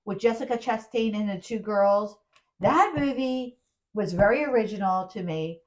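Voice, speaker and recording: A woman co-hosting a casual podcast chat, telling animated stories with frequent laughs. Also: mid-range voice, moderate pace. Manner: animated storyteller, laughs often. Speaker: podcast co-host. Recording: dull lo-fi sound.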